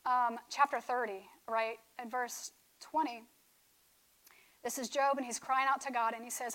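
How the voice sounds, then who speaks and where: A woman's voice: fairly high pitch, steady tone, measured pace, sharp tone, poor audio. A woman teaching from scripture in a conversational sermon style, often checking in with "right?". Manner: conversational, keeps asking "right?". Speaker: speaker on faith.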